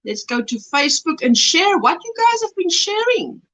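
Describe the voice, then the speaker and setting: A South African woman chats through a livestream, reading out viewers' messages and answering each in turn with frequent laughs. Her voice sits high and bright and swings widely in pitch as she talks. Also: very animated, normal speed, low-quality recording. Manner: reads chat messages aloud warmly, laughing often. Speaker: livestream host. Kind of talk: casual livestream chat.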